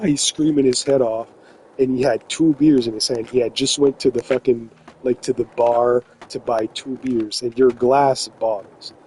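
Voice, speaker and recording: A man from New Brunswick tells a story in loose, swearing-heavy chat, laughing often as he rambles. His voice sits at an ordinary middle pitch. A faint hum of background noise runs under it. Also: dark tone, poor audio. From New Brunswick, Canada. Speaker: gaming vlogger telling a story. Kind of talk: casual storytelling.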